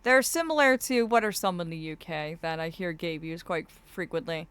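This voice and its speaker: A woman's voice: fairly low pitch, moderate pace, hardly any pauses, fairly bright tone, clear, resonant tone, dry recording. A woman streaming live as a fey persona. She chats casually and reads viewer messages, calling viewers darlings and laughing often. Her speech is slightly impeded by a swollen cheek.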